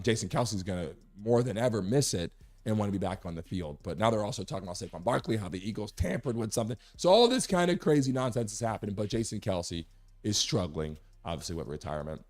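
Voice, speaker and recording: A hoarse man hosting a live sports talk show, talking emphatically and repeating his point to make it clear. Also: fairly low pitch, lively intonation, a little fast, darkish tone, soft background music. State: hoarse, recovering from a lost voice.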